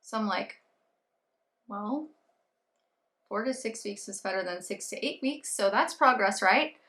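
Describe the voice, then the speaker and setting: Bright-voiced, animated woman vlogger. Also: medium pitch, a little slow. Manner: animated, acts out her own thoughts and quoted people. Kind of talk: casual storytelling vlog.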